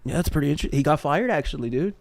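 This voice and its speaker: A man's voice: a little high, expressive, racing, noisy background. Rowdy young man streamer, swearing and cackling. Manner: loud, swearing, bursting into laughter. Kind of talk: reaction commentary on an old stream.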